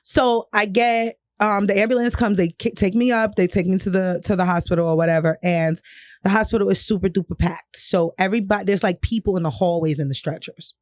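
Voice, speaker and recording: A woman's voice: medium pitch, steady tone, fairly quick, no room sound. A young woman from New York telling a personal story on a podcast, candid and profane, often laughing. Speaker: podcast co-host. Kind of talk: casual storytelling chat.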